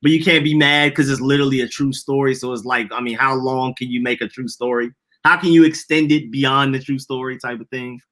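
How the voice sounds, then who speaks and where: A man's voice: mid-range voice, a little fast, few pauses. A man co-hosting a podcast in casual chat, laughing often and repeating himself as he reacts. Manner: laughs often, animated and repetitive. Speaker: podcast co-host. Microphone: streaming podcast mic.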